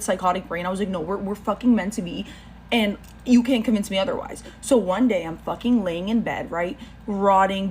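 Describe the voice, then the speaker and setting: A woman's voice: medium pitch, darkish tone, slight background noise. A young woman telling a storytime vlog, casual and profane, mocking herself and laughing as she goes.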